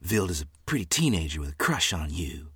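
A man's voice: low-pitched, big pitch swings, fairly quick, a bit bright, slightly rough, no room sound, clean studio sound, heavily acted. A man reading aloud, voicing a distressed pioneer mother who pleads and argues in a raised voice.

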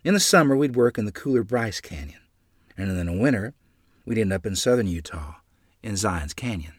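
A man narrating a memoir in the first person with a dramatic, expressive delivery. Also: lowish voice, moderate pace, no echo, studio quality.

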